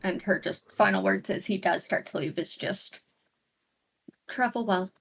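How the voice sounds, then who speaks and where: A woman's voice: medium pitch, fairly even intonation, moderate pace, gravelly, slightly rough. A woman with a mid-range voice chats as a player at a tabletop game. She is playful and jokes around. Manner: playful, joking. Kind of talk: casual chat while playing a tabletop game.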